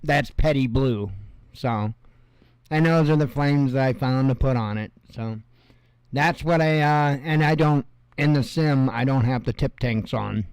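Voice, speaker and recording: Slow-talking, sarcastic male news host. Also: mid-range voice, darkish tone, smooth, dry recording. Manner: rambling and sarcastic, with mocking asides. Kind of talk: casual news commentary.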